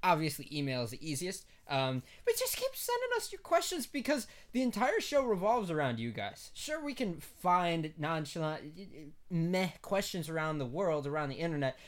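A man's voice: a little high, wildly swooping pitch, moderate pace, hardly any pauses. A man co-hosting a casual podcast, playful and often laughing as he gives mock advice. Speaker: podcast co-host. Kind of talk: casual chat.

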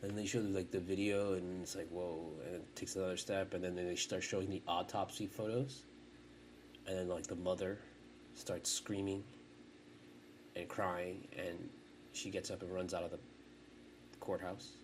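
A man in his forties with a somewhat low voice, talking loosely on a podcast. He rambles from thought to thought, swears freely and restarts his sentences. Behind him there is a faint hiss of noise. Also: flat delivery, normal speed, long pauses. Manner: profane, rambling, self-interrupting. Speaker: podcast host. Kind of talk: casual rambling chat.

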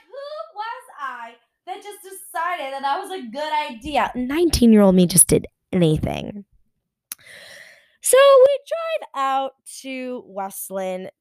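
A woman in her twenties telling a story in an animated, exasperated way. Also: fairly high pitch, dry recording. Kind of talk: storytime vlog.

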